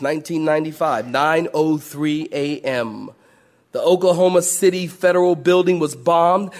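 A high-voiced middle-aged man preaching a sermon. He tells folksy stories, stumbles over restarts and repeated words, and breaks into acted-out moaning. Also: a little mellow. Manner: folksy storytelling preacher, acts out moaning church ladies. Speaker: pastor.

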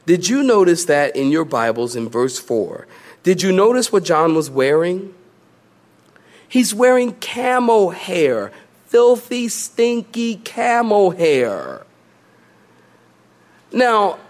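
Male pastor, fairly high voice, animated sermon delivery with playful humor mixed into emphatic points. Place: church.

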